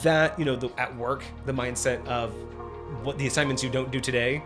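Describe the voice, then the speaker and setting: Man host, mid pitch, loose rambling delivery full of "like" fillers, chill music under him. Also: steady tone, a little fast. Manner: rambling, heavy use of "like" and restarts. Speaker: host of a tabletop gaming stream. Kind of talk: casual livestream chat.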